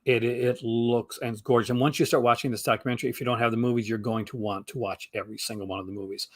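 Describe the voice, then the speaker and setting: A man's voice: mid-range voice, fairly even intonation, very fast, no room sound. Chatty Canadian man on a dry mic. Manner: enthusiastic, rambling with many fillers and restarts. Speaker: guest. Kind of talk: casual chat.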